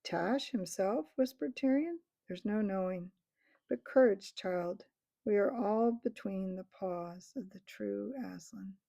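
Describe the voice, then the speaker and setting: A brave young male king from a storybook who steadies his companion in a low, quiet way. A woman reads him in her own gravelly, mellow voice. The recording is dry and dull. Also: slow pace, no room sound. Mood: steady. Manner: quiet, reassuring.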